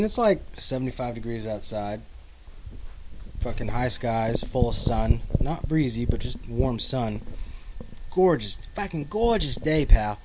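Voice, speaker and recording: A man, gruff and swearing constantly in casual banter. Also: fairly low pitch, noisy background. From Maine. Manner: gruff, swears constantly, acts out grumpy locals.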